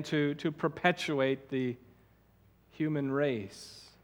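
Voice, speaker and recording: A male pastor preaching an expository sermon, emphatic, repeating and stressing words as he teaches. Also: high-pitched. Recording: long hall reverb.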